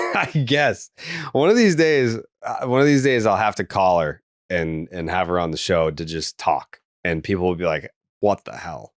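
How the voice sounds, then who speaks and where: His voice sits low and moves at a moderate pace, captured in studio quality with no echo. He's a Boston-area podcast co-host with a faint Boston accent, loosely telling rambling stories in casual chat, with free swearing, lots of "likes" and many restarts.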